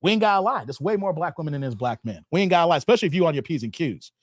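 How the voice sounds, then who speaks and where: A man's voice: a little high, expressive, racing, no echo, studio quality. A man hosting a livestream, reading chat comments aloud in casual slangy banter and laughing often.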